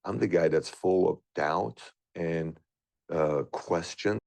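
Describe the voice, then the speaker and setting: A man's voice: deep voice, takes it slowly, gravelly, darkish tone, no echo. A man in his thirties earnestly telling a personal story, full of questions and doubt. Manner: earnest, questioning, rambling delivery. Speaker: guest sharing a personal story.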